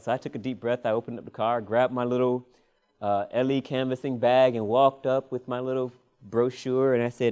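A man's voice: medium pitch, brisk, clear, resonant tone. Preacher guy spinning a funny story from the pulpit, lots of amens, chuckles a lot. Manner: animated, laughing, call-and-response "Amen". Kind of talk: storytelling sermon.

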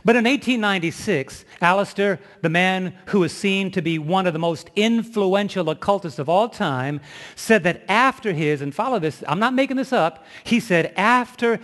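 A man with a high, carrying voice delivers a sermon, telling a story with emphasis and turning to the audience with questions. His voice rings through a large hall with a long, lingering reverb. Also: expressive, normal speed, fairly bright tone. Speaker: preacher.

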